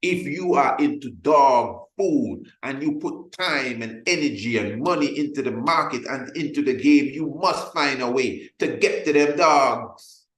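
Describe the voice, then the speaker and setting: A man's voice: medium pitch, a little slow, hardly any pauses, a bit bright. A man presenting a motivational sales webinar. He talks emphatically, repeats his points and acts out little scenes to make them. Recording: roomy echo.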